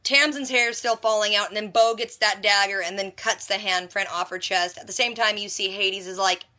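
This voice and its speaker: A woman vlogger recapping a TV episode in a chatty, animated way, exclaiming in disbelief at the twists. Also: medium pitch, brisk. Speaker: TV reaction vlogger.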